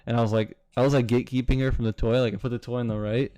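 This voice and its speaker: Young man, casual stream chat, warm smooth voice, rambling. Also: mid-range voice, flat delivery, rapid-fire, no room sound. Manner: rambling, swears casually, reads chat aloud. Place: home, city with bootcamps he attended.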